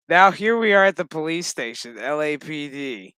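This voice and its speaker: A man with a fairly high, bright voice talks slowly through an episode recap. He swears freely and keeps laughing as he tells the story loosely, and the sound is dry and close. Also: smooth, dry recording. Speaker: show recap host. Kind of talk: casual episode recap commentary.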